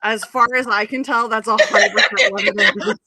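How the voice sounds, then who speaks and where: A woman hosting a casual live-stream chat over a video call, telling animated stories with plenty of swearing. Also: on the high side, moderate pace, no echo. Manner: animated, profane storyteller.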